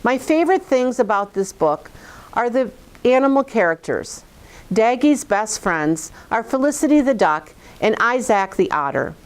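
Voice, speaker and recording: A woman's voice: a little high, big pitch swings, unhurried. A woman teacher giving a book talk and reading a story aloud expressively. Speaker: fourth grade teacher.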